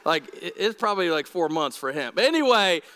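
A male pastor preaching a sermon in a church, chatty and animated, often asking the congregation questions. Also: high voice, a little fast, smooth, in a large hall.

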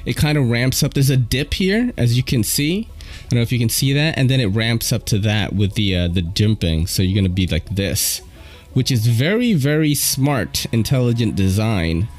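A man hosting his channel, chatting casually and excitedly in slang while unboxing at home. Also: medium pitch, normal speed, faint music behind. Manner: slangy, excitable, loud exclamations. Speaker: channel host reviewing knives. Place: at home at a table.

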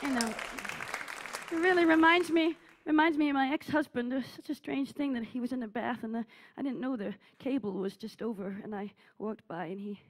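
A woman's voice: a little high, brisk, a faint crowd, close to an everyday voice. A woman playing a needy, self-obsessed aging female cabaret diva, gushing and melodramatic as she teases the audience from a theatre stage. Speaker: cabaret performer. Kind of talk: live stage character comedy.

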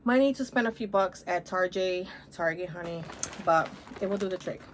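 Against some background noise, a woman with a lowish voice talks at normal speed. This middle-aged haul vlogger casually shows off her shopping finds at home, gushing excitedly and addressing viewers straight on as guys and honey.

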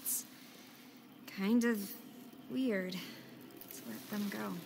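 A woman voicing a wistful young video game heroine who speaks softly and hesitantly. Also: medium pitch, fairly even intonation, very slow, vocal fry, noisy background.

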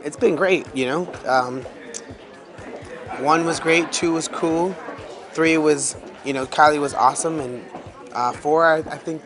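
An American man, a talent show judge, answering in a casual interview with a lot of ums and restarts. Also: fairly high pitch. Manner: hesitant, lots of ums and restarts. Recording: music behind.

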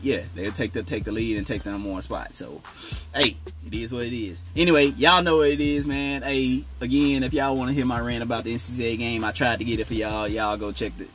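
A man reacting live to a basketball game, slangy and excitable, talking straight to his viewers. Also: medium pitch. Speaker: sports reaction YouTuber.

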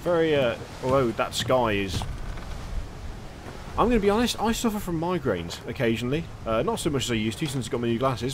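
Male gaming host, casual rambling commentary, animated delivery, noisy background. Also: on the high side. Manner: chatty, rambling, jokey asides.

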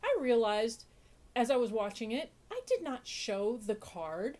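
Her voice is slightly high and slightly mellow, with big swings in pitch and a somewhat slow pace. This podcast host chats casually as she unboxes her mail, gushing, laughing frequently, and mocking herself sarcastically.

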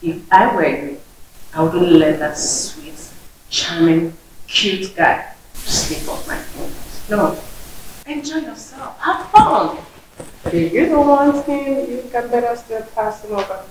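Teasing nigerian girl friend, slow drawn-out talk, big echoey room with music under it. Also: mid-range voice, lively intonation, a little hiss or hum. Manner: teasing, laughing. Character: playful young woman teasing her friend.

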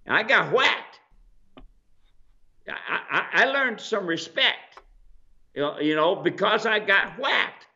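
A man's voice: high-pitched, slow, gravelly, pauses often. A man hosting an advice show on mule training, talking in a casual, folksy way and acting out quoted voices. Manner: animated, acts out animals and people in quoted asides. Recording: dull lo-fi sound.

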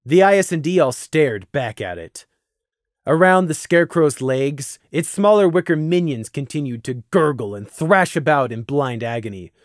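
A man narrating a fan fiction audiobook in an expressive, dramatic reading style. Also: fairly high pitch, normal speed, dry recording, clean studio sound.

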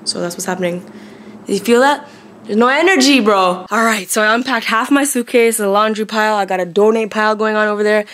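Fast-talking slangy young woman vlogger. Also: mid-range voice, fairly bright tone. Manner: chatty, slangy, restless. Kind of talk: casual daily vlog. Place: at home, indoors.

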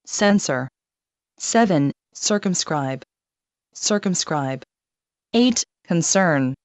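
A woman reads out a numbered list of vocabulary words very slowly, saying every word twice in a measured way. Her voice sits a little low. The recording is dry and somewhat dull and lo-fi. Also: a little mellow, no echo. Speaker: vocabulary reader.

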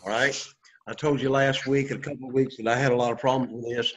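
A man's voice: medium pitch, little pitch movement, fast, a bit bright, low-quality recording. A man teaching a Greek class, explaining patiently and checking in with "okay?" after each point. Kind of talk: classroom lesson.

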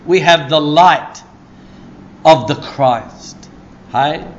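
A man preaching a sermon in a church, excitable and conversational, often asking "Hey?" and laughing. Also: on the high side, very slow. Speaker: pastor.

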